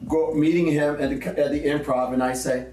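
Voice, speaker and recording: A man, a comedian, telling stories in a relaxed interview and acting out the people he quotes. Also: on the high side, brisk, soft background music. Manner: animated storyteller who acts out quoted people. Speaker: comedian guest. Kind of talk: conversational interview storytelling. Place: small theatre. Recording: roomy sound from a distance.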